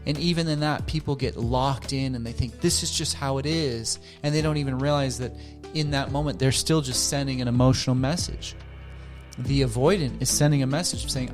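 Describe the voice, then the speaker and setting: A man working as a counselor, calmly teaching a conflict technique and acting out sample dialogue between partners. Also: mid-range voice, normal speed, music in the background. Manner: calm, demonstrates dialogue by acting out both partners. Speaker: therapist. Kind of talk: educational talk to camera.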